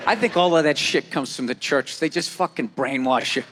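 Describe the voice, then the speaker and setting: A man doing a stand-up routine in a large theater, ranting loudly and mocking people in put-on voices. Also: on the high side, moderate pace. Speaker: stand-up comedian. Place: large theater with live audience. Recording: live theater recording, hall reverb, audience noise. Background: audience laughter and crowd.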